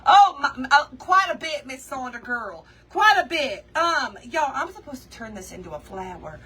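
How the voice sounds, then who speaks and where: A woman hosting a craft livestream, telling a story to her viewers in an animated, chatty way and calling them y'all and girl. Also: sits high, normal speed, husky, distant mic. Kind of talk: casual storytelling chat with viewers.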